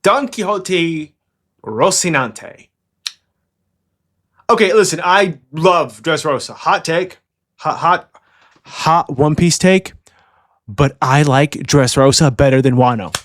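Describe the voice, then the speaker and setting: A young man hosting a fan commentary channel, talking fast and excitably in a rambling, casual way. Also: a little high. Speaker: anime commentary channel host.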